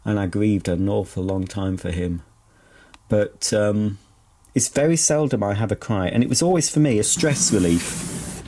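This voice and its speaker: Sorting through old belongings at home, a middle-aged man vlogs in a casual, nostalgic, self-deprecating manner. The pitch is fairly low, the pace moderate and the tone warm, with slight background noise indoors.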